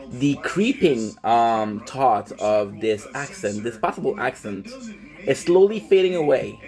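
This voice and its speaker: A man's voice: mid-range voice, a little mellow, rough recording. Man rambling through a casual live stream. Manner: rambling, chatty, swears freely, greets viewers. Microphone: phone.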